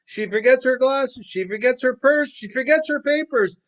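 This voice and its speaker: A man voicing a flustered, indignant husband who loudly scolds his wife for forgetting everything. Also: expressive, measured pace. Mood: exasperated. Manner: loud exasperated scolding, high-pitched.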